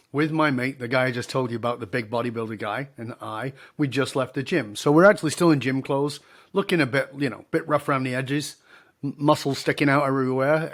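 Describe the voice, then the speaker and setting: A middle-aged man, a leadership speaker and podcast guest, telling stories and acting out both sides of the dialogue. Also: medium pitch. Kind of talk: storytelling in a podcast interview.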